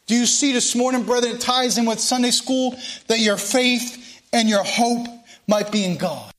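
Fervent high-voiced man preaching. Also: normal speed, fairly bright tone. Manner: fervent, repetitive preaching cadence. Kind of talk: sermon.

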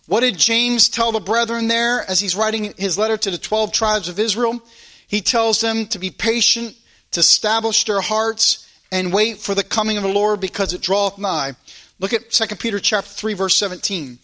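During his sermon, this preacher reads scripture slowly with heavy emphasis before shifting into fervent, conversational talk. He has a high, bright voice that sounds pushed.

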